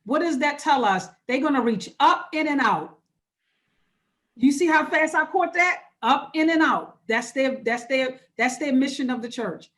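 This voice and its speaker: A woman pastor with a somewhat high voice leads an online church workshop over a video call. She keeps it conversational and encouraging, and she circles back to repeat her key phrases. It sounds like live teaching, not a script. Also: lively intonation, unhurried, fairly bright tone. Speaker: pastor leading a church webinar. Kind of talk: interactive online workshop talk.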